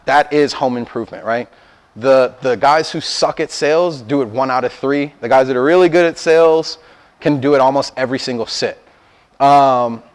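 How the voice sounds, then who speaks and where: A young man telling a startup story in a casual, animated way. He swears freely and acts out the back-and-forth of each conversation. His voice sits in an ordinary middle pitch. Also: poor audio. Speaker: startup founder giving a talk. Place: indoor talk to an audience.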